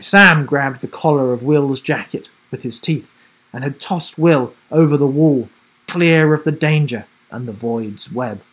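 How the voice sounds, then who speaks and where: A man reading a children's adventure story aloud, with dramatic delivery that drops low and soft for suspense. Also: slightly rough, poor audio. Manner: self-corrects and rereads slips. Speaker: storybook reader.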